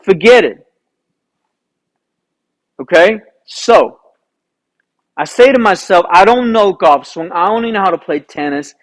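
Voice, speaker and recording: A man, a golf instructor, recounting a round in an animated storytelling way, asking himself rhetorical questions. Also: high voice, unhurried, long pauses, rough recording. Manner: animated, rhetorical questions, re-enacts his own thoughts.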